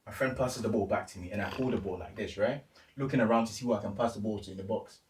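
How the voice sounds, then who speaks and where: A man's voice: on the low side, fast talker, a little hiss or hum. A man on a podcast, telling a story animatedly in casual street slang and acting out what others said. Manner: animated, acts out quoted voices, street slang. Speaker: podcast co-host. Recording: echoey room, distant mic.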